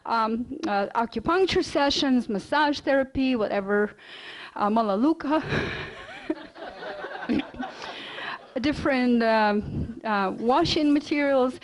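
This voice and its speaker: A woman giving a lecture, telling a personal story in a lively way and acting out the dialogue. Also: high-pitched, low-quality recording. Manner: animated, acts out quoted dialogue. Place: lecture hall.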